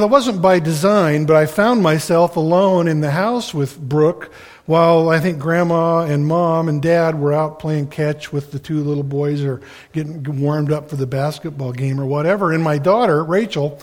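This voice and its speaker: An older man delivers a sermon in a relaxed, folksy way, weaving family stories into his message. His voice sits a little high for a man. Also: normal speed. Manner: folksy, conversational storytelling. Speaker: preacher.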